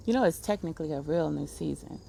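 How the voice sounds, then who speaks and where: A woman's voice: sits low, fast, gravelly, over a noisy crowd. A woman co-hosting as the educator, chatting casually with playful, teasing asides. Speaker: co-host, educator. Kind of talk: casual chat.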